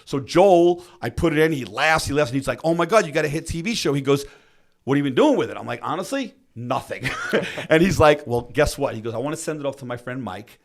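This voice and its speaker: A man telling a story on a podcast, acting out what other people said in a lively way. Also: medium pitch. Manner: acts out quotes of others, fast and lively. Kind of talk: animated storytelling.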